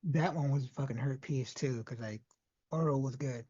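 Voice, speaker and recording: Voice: mid-range voice, normal speed, mellow, slightly rough. A podcast co-host chiming in during casual chat, agreeing and swearing freely. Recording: dull lo-fi audio.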